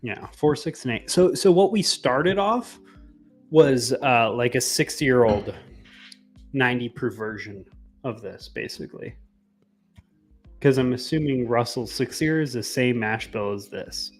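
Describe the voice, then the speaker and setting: A man chatting loosely over drinks, his voice going hoarse and strained. He talks in a plain middle register with easy, rambling tasting notes. Faint music plays behind him. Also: medium pitch, measured pace. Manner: relaxed, tipsy banter, explains flavors. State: losing his voice. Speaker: whiskey tasting co-host. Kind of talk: casual chat.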